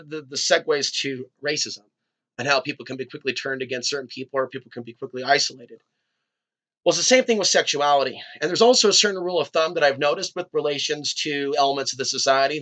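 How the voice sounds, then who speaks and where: A man's voice: on the high side, pushed and bright. A man hosting his own video, talking in a loose, rambling spiritual monologue that drifts from tangent to tangent. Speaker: video host. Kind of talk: free-flowing spiritual monologue.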